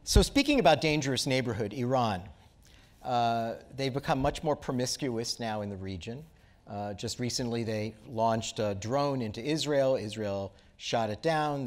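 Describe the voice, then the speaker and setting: Man moderating an onstage talk. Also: mid-range voice. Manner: conversational, prompting questions. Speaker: interviewer, moderator. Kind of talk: onstage conversation. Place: auditorium stage.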